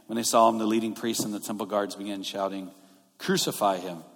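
A man's voice: on the low side, little pitch movement, fast, creaky. A male pastor preaching a sermon in a conversational way, explaining scripture verse by verse. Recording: long reverb of a large hall.

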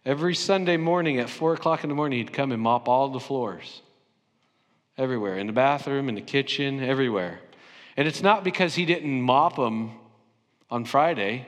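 In a church sanctuary with a long reverb tail, a middle-aged pastor from Southern California gives a conversational, anecdotal sermon full of self-deprecating humor. He performs imagined interviews in playful voices, speaking at medium pitch and normal speed.

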